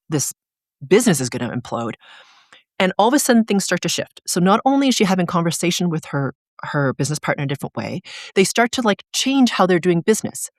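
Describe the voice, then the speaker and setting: An interview guest who works as an energy coach, explaining ideas and telling a client's story in a casual, animated way, often filling with "like". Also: medium pitch, dry recording, clean studio sound. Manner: animated storyteller, frequent "like" fillers.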